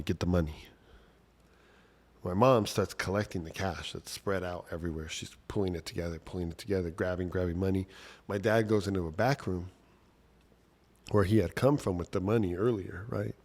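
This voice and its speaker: Very deep-voiced man telling a story. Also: brisk, darkish tone. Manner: conversational, lots of "like" and "right?". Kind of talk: casual personal storytelling.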